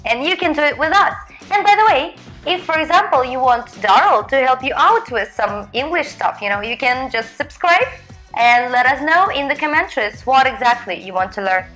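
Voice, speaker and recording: A woman's voice: high-pitched, expressive, moderate pace, bright, forceful tone, soft background music, low-quality recording. A woman whose first language is Russian, hosting a casual chat in a bubbly, giggly way. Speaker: host.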